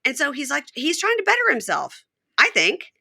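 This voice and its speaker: A woman's voice: sits high, fairly quick, creaky. A woman hosting a podcast, recapping a reality show in casual chat and acting out the people she quotes. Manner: acts out quoted lines in animated voices, swears casually. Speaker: podcast host.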